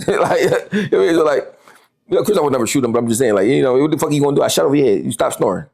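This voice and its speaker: Animated, gravelly-voiced guest in his forties. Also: medium pitch, rapid-fire. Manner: animated, profane, repeats words when worked up. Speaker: interview guest. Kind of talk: heated podcast interview.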